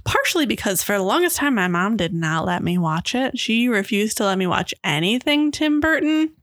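A woman co-hosting a casual podcast, chatty and quick to laugh. Her voice swings widely in pitch as she talks. The sound is dry and close. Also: big pitch swings, fairly bright tone, no echo. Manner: chatty, enthusiastic, laughs often. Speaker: podcast co-host. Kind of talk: casual chat.

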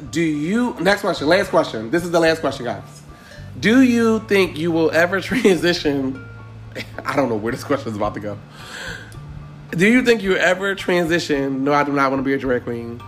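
A young man hosts a relaxed panel podcast with a slightly high voice, sassy and animated, laughing easily between points. Faint music plays behind him. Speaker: podcast host. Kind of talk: casual panel chat.

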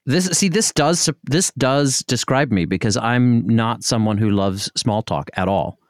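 Lively man with a bouncy voice. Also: mid-range voice, no echo, studio quality. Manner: lively, quick interjections, laughs easily. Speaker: podcast co-host. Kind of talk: casual conversation.

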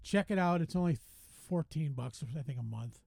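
A man co-hosting a casual podcast, telling stories with lively quoted voices. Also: fairly high pitch, normal speed, creaky, no echo, studio quality. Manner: animated storytelling, voices rising when quoting. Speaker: podcast co-host. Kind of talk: casual chat.

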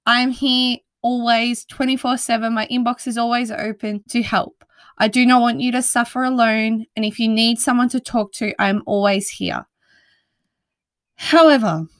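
A woman's voice: on the high side, fairly even intonation, normal speed, fairly bright tone, no echo. A woman hosting a casual self-help podcast. She talks in a chatty, reassuring way, with lots of "like" and frequent laughs. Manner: chatty and reassuring, many "like" fillers, laughs often. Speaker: podcast host.

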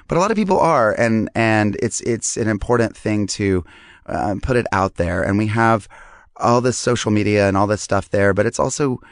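A man with a hoarse, strained voice hosting a podcast in a rambling, self-deprecating, chatty monologue. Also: fairly low pitch, dry recording, clean studio sound. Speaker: podcast host. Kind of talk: casual monologue.

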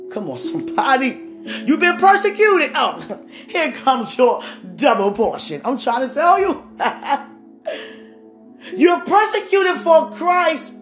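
A woman preaching a sermon with passion, rising to shouts and calling on the congregation. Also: high voice. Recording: echoey room with faint music.

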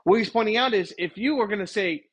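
A man's voice: high voice, fast talker, slightly rough. A man giving an informal preaching monologue, rambling and correcting himself as he retells scenes and quotes scripture. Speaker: Christian commentator.

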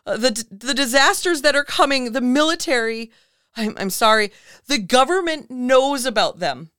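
Brief: a woman playing a frantic man on the run, panicked and close to tears, high and strained, clear tone. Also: lively intonation, pushed and bright, dry recording. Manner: sputtering, near tears, halting. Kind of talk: podcast chat.

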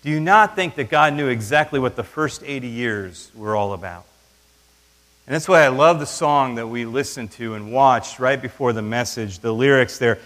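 A man preaching a sermon in an animated way, acting out the voices he quotes. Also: medium pitch, long reverb tail. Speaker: pastor.

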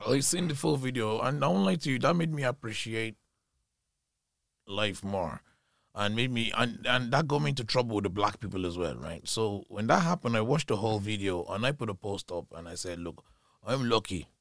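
Gravelly, animated man telling stories. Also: fairly low pitch, moderate pace, no room sound, clean studio sound. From Ireland. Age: 30s. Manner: rambling, laughing storyteller. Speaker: podcast guest. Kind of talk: casual chat.

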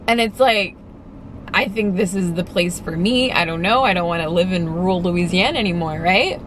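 A young woman talks straight to camera in a casual vlog, candid and emphatic. Her voice sits mid-range but jumps high when she stresses a point. A faint hum of passing vehicles is behind her. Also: lively intonation, normal speed, fairly bright tone. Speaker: vlogger.

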